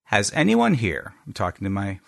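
A man's voice: fairly low pitch, wildly swooping pitch, normal speed, vocal fry, fairly bright tone. A man from the United States, a podcast co-host, presenting a segment in a wry, joking way during a casual panel chat. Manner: wry, jokey delivery of a prepared segment.

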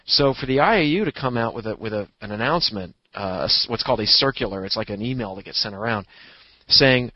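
A man's voice: lowish voice, expressive, fairly quick, no room sound. A man, an astronomer, chatting casually on a podcast and explaining things with a fondness for puns. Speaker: astronomer guest. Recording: dull lo-fi recording.

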